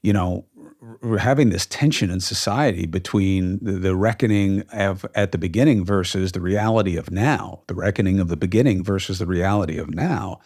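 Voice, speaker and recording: A man's voice: low-pitched, moderate pace, darkish tone. A man hosting a podcast, talking emphatically about his views, with many ums and uhs. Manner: emphatic, frequent fillers. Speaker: podcast host. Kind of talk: opinionated casual talk.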